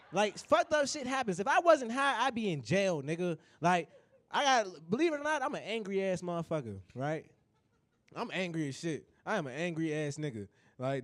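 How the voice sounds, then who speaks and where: A young man works through a stand-up set, swearing freely and talking straight to the audience. His voice sits high and swings up and down, and the sound is dry and close. He keeps an animated, loose delivery. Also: no room sound. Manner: animated, profane, addresses the crowd directly. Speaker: stand-up comedian. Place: comedy show stage.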